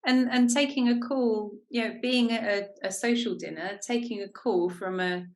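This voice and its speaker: A woman's voice: medium pitch, normal speed. A woman co-hosting a podcast, candidly sharing a personal story in a self-reflective, casual chat. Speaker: podcast co-host.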